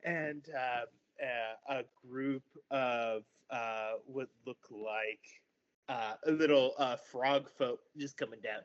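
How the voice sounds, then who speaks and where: A man narrating a tabletop game as game master, in a halting way with many fillers. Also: mid-range voice, steady tone. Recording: dull lo-fi recording.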